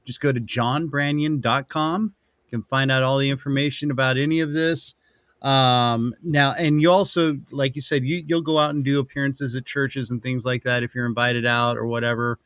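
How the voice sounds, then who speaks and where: A male host keeps the interview loose, throwing in quick quips and laughing easily. His voice sounds dry and close, with no room around it. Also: medium pitch, steady tone, fairly bright tone, dry recording. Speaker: show host. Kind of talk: casual interview chat.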